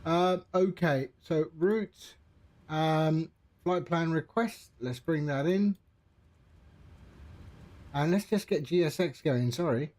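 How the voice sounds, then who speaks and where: A man giving casual live-stream commentary as he sets up a flight simulator, chatting to viewers in a relaxed, rambling way. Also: fairly high pitch, slow pace, pauses often.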